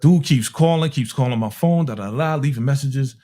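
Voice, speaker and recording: A middle-aged man tells stories in a loose, slangy way. His voice sits at an ordinary pitch, and he keeps things animated, slipping into other people's voices when he quotes them. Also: fairly quick. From Harlem, New York. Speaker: music producer telling stories on a talk show. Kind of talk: casual storytelling chat.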